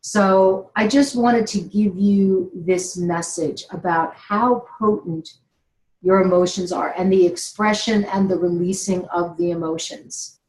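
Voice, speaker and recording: In a fairly low, slightly mellow voice, this inspirational speaker talks at a measured pace with a steady tone. She's middle-aged, telling a personal story in an emotional, earnest talk with occasional laughter, and the room echoes.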